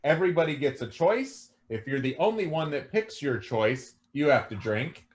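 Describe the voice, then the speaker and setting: A man's voice: on the high side, expressive, moderate pace. A man hosting a casual webcast over a video call, rambling loosely and laughing often. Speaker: webcast host. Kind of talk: casual chat.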